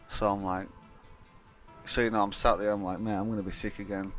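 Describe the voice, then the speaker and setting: A young vlogger with a fairly low, steady voice tells a long personal story in a loose, rambling storytime monologue at a fairly quick pace. He swears a lot and acts out the voices of people he quotes, with faint music playing softly behind him.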